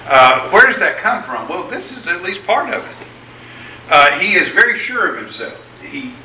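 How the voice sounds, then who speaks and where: A man preaching a sermon in a conversational, animated storytelling manner, voicing the people in his story. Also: medium pitch, echoey room, far from the mic, slight background noise, rough recording.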